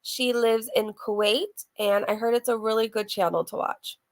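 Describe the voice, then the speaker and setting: A woman's voice: a little high, flat delivery, normal speed. A woman hosting a reaction commentary, chatty and gushing as she reads out live donations. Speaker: commentary channel host. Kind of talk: reaction commentary over a played vlog.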